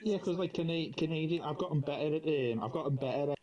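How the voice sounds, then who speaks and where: An English man, a guest on a livestream, talking haltingly and restarting his phrases. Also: on the high side, a little mellow, muffled recording. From England. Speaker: guest on the stream. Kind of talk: casual chat on a call.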